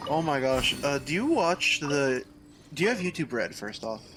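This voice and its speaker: A man rambles through jokey explanations to friends over voice chat, his pitch bouncing around as he talks. The game's music sits clearly behind him. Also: sing-song, moderate pace, fairly bright tone. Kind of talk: casual chat.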